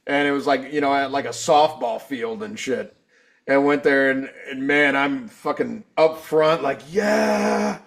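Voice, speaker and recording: A man co-hosting a podcast, telling rambling, profane stories in casual chat and acting out quotes loudly. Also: mid-range voice, steady tone, a little slow. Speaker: podcast co-host.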